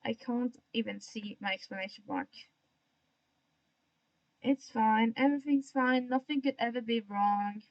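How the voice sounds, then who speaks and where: Young woman streamer, self-mocking and chatty, with a slightly high, gravelly voice and dull lo-fi sound. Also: measured pace, darkish tone. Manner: admits to an odd put-on tone today. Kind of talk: casual livestream chat while drawing.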